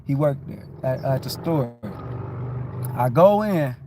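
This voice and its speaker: A man's voice: mid-range voice, expressive, slow pace, mellow, slight background noise. A middle-aged man hosting a livestream, talking casually and telling a story, often asking "you know what I'm saying" and acting out his greetings in a raised voice. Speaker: livestream host. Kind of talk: casual spoken monologue.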